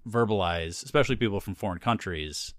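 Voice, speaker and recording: A man's voice: on the low side, a little fast, dry recording, studio quality. A man in casual conversation, easygoing and rambling, laughing often as he talks. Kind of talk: casual chat.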